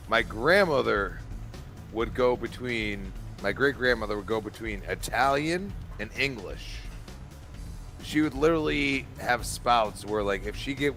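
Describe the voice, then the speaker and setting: A man on a casual gaming podcast tells long family stories in a rambling, animated way, restarting his sentences often. His voice sits at a middle pitch, and faint music plays under him. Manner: rambling animated storyteller, many restarts and laughs. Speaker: podcast co-host. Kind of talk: casual chat.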